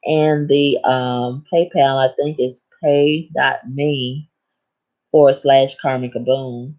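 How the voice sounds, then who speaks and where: A woman's voice: a bass voice, steady tone, slow, muffled recording. A woman chatting frankly on a casual livestream, laughing at her own stories. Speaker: livestream host.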